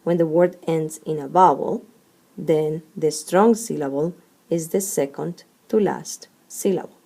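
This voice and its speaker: Slow, mellow-voiced woman teacher. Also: low-pitched, creaky. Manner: deliberate, spells out syllables one at a time. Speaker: Spanish teacher. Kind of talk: explaining a lesson step by step.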